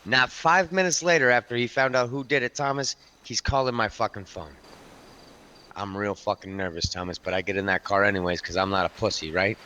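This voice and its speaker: A man's voice: on the low side, fairly quick, sharp tone, lo-fi sound, slight background noise. A man role-playing a hardened, foul-mouthed biker club enforcer, rambling through a story and calling the listener by name. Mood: tense storytelling. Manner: keeps addressing the listener by name. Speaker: roleplay character telling a story. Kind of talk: improvised game role-play storytelling.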